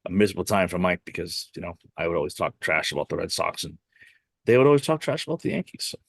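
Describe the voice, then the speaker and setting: A man from Boston hosts a podcast and tells his stories at a rapid clip in a low voice. He rambles, restarts sentences and leans on fillers. The sound is dry and close. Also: very animated, creaky, husky, no room sound. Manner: rambling storyteller, heavy "you know" fillers and self-restarts. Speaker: podcast host. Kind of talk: casual interview chat.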